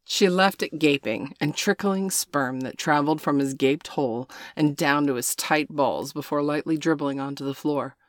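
A woman with a low, deep voice reads an erotic story aloud. Her narration is steady and unhurried. The sound is dry and close to the mic. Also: dry recording.

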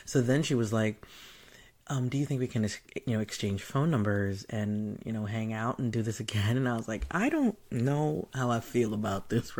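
A man telling a personal story in a casual, animated way, acting out the voices in it, laughing and swearing as he goes. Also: mid-range voice. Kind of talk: casual anecdote.

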